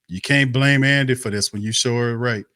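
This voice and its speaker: A sports talk show host on a livestream rants about his team, angry, exasperated and profane, repeating himself a lot. His medium-pitched voice is brisk, pushed and bright. No room sound can be heard.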